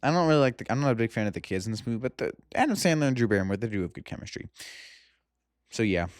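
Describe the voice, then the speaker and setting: A man's voice: mid-range voice, sing-song, very fast, dry recording. Rambling young man, dry close mic. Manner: rambling, laughing, self-interrupting. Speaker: movie review youtuber. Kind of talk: casual chat.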